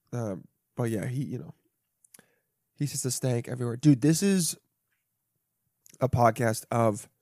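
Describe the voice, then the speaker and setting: A young man hosting a solo podcast, chatting casually and profanely, jumping between loud bursts and muttered asides. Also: mid-range voice, dry recording, clean studio sound. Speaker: podcast host. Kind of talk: rambling solo podcast chat.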